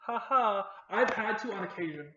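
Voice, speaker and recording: A man's voice: sits high, lively intonation, background noise. A man hosting a podcast in casual chat, telling funny work stories and acting out the people in them. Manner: fast joking storyteller, acts out quoted customers. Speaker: podcast host. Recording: echoey room, dull far mic.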